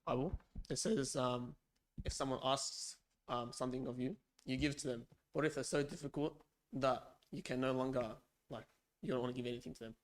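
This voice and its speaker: A man's voice: mid-range voice, steady tone, brisk, low-quality recording. A man in the audience asking a hesitant question, with fillers.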